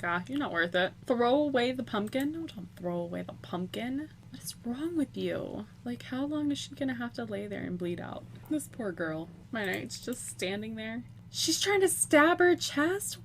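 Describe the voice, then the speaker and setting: A woman giving casual video game commentary into a home computer microphone, excitable, swearing freely and breaking into loud exclamations. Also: on the high side, measured pace, gravelly, a little hiss or hum. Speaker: gameplay commentator.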